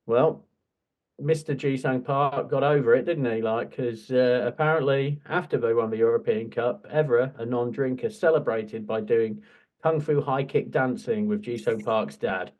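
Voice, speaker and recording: A man co-hosting a casual podcast, telling lively stories with laughs and swearing. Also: medium pitch, normal speed, dull audio. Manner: animated storyteller, swears, laughs often. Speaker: podcast co-host. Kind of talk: casual chat.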